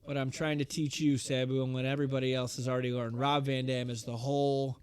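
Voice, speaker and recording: A man doing an impression of a cocky, laid-back male wrestler who talks in a relaxed, smug drawl. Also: medium pitch, fast, clear, resonant tone, natural voice.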